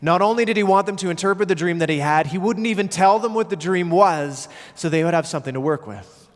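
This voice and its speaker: A man's voice: sits high, fast. A man preaching a sermon as pastor, telling a story and acting out the people in it. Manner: storytelling, acts out quoted voices. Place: church. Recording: long reverb of a church hall.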